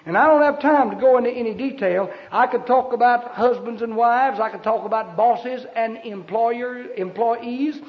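A man preaching a sermon, emphatic and fervent, breaking into sudden shouts. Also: very high voice, normal speed, few pauses. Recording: dull lo-fi sermon recording.

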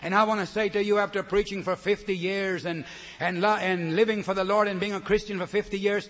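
An older man preaching a sermon, emphatic, swinging between loud declarations and soft, low asides. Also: little pitch movement, a little fast. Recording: long hall reverb, dull lo-fi sound.

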